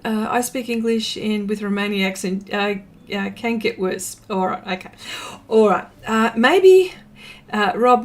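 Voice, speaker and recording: A woman hosting an art livestream, chatting casually, reading out viewer comments, laughing often and correcting herself as she goes. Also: a little high.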